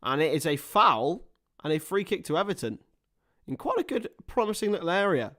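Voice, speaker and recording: A man's voice: a little high, big pitch swings, fairly quick, pushed and bright. A man giving casual, chatty live commentary on a football match while talking to his viewers. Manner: chatty, reacts to viewer chat between play-by-play.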